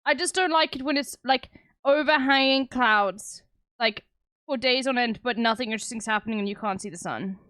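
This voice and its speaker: A woman's voice: a little high, normal speed, fairly bright tone, dry recording. A young South African woman streaming live, chatting casually with her viewers in a blunt, sarcastic way and swearing often. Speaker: livestreamer.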